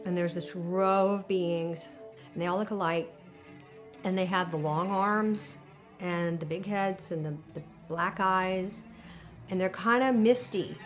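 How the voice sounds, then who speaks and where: A woman's voice: on the low side, fairly even intonation, slow, faint music behind. A woman interviewed for a documentary, telling a vivid, emotional story with hesitations. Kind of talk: documentary interview recounting an experience.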